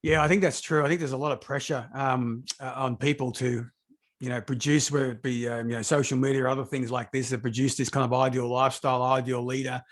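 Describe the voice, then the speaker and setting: A man's voice: mid-range voice, level tone, quick pace. A man hosting a podcast interview, talking in a loose, rambling way. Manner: rambling with fillers and restarts. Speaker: podcast host. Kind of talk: conversational interview.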